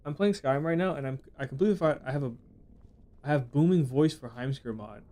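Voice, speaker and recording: A man's voice: mid-range voice, fairly quick, mellow. A young man streaming a game, chatting casually, joking and swearing while he rambles and reacts to chat. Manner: rambling, profane, reads chat aloud and jokes. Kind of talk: casual live gameplay commentary.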